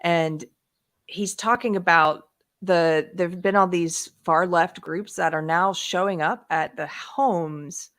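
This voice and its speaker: A woman's voice: lowish voice, a bit bright. A woman hosting a casual political talk show, agreeing readily with her guest and reading posts aloud. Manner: agreeing often, reads quotes aloud. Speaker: host.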